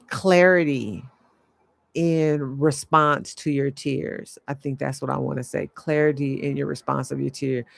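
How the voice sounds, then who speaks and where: Woman, life coach, reflective spiritual monologue, unhurried, gravelly, dry close sound. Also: sits low, no room sound. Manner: earnest, halting, searches for words mid-sentence.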